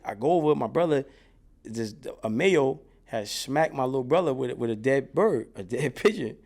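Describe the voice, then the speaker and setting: A man guest in an interview, telling profane, animated stories from his childhood and getting loud when reenacting scenes. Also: medium pitch, normal speed, gravelly. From New York. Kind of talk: casual storytelling in an interview.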